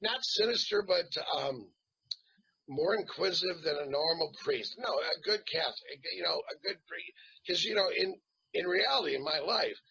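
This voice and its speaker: Animated, gravelly joking man. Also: fairly high pitch, normal speed. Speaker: actor guest. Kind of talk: casual interview chat. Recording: dull lo-fi sound.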